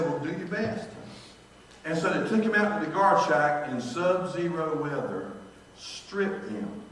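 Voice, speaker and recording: A pastor preaching a sermon, telling stories dramatically, his voice swinging from hushed to loud. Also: a little high. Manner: dramatic storytelling, shifting from hushed to shouting. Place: church sanctuary. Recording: echoey church hall, distant mic.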